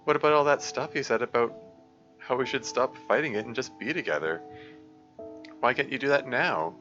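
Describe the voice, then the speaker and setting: A man's voice: mid-range voice, lively intonation, moderate pace, a bit bright, muffled recording, faint music behind, pitched above the performer's own voice, natural voice. A man voicing an anxious, caring teenage girl who stammers and pleads, reading a visual novel aloud. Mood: pleading.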